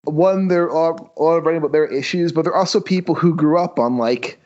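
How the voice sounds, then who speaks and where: A man's voice: fairly high pitch, a little fast, a little mellow. Man chatting casually on a lo-fi podcast. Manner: reads comic dialogue aloud with acted voices. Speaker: podcast co-host.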